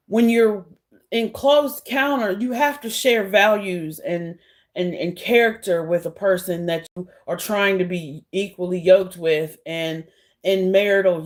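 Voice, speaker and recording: Slow-talking woman, blunt and sarcastic. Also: mid-range voice. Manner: heated, blunt, sarcastic, with mocking impressions. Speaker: vlogger. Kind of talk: casual monologue to camera.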